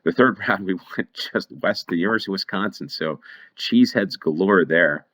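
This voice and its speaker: Deep-voiced male game commentator, rambling and conversational, talking through his guesses. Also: brisk, fairly bright tone. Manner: thinks aloud, rambling with restarts. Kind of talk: casual play-along commentary.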